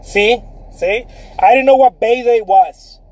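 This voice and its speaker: A man's voice: very high-pitched, takes it slowly, a little mellow, lo-fi sound. A man, a painter who runs an art studio, chatting casually to viewers in a rambling, laid-back way, tossing in swears and calling them man and dude. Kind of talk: casual live video chat. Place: grocery store.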